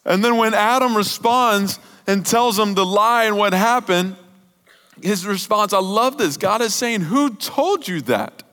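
A young man preaching a sermon as a youth pastor, talking in a casual, conversational way, with emphatic rises and quiet, low passages. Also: steady tone, unhurried. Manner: conversational, emphatic preaching, drops soft and low near the end. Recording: long hall reverb.

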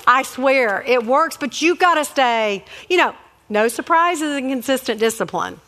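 Middle-aged woman, casual faith storytelling, animated, slightly high voice, acts out quotes. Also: a little slow, in a large hall.

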